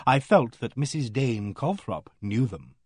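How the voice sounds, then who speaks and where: Man, audiobook narrator, husky, lively intonation, dry close sound, measured. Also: medium pitch, no echo. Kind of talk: first-person novel narration.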